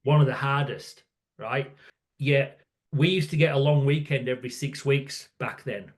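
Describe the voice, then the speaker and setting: A man's voice: mid-range voice, moderate pace. A man in his sixties, a podcast guest, telling work stories in a rambling, casual way and often checking in with "right?". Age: 60s. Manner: rambling, restarts, frequent "right?" tags. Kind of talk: casual storytelling conversation.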